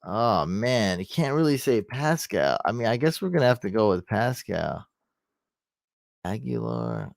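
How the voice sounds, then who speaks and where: A man's voice: mid-range voice, sing-song, measured pace, gravelly, no echo, clean studio sound. A man giving casual fantasy football advice on a live stream, thinking aloud and answering questions from the chat.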